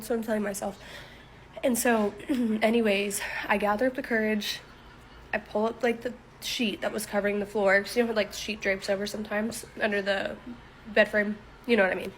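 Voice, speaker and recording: A woman's voice: on the high side, a little hiss or hum, low-quality recording. Chatty young woman telling a scary story. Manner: chatty, filler-heavy, laughs nervously, swears. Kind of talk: casual storytime.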